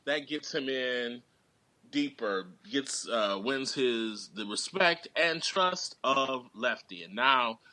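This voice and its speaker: Man, movie guest, animated retelling, very bright tone, dry close sound. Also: medium pitch, slow, no room sound. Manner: animated storytelling, quoting characters in voices. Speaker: guest actor and writer. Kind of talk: casual movie review chat.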